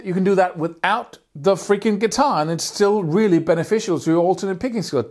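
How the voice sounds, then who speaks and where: A man's voice: sits high, a little fast, hardly any pauses, darkish tone. A man teaching guitar picking in a video lesson, talking energetically and emphatically and singing out rhythms with syllables.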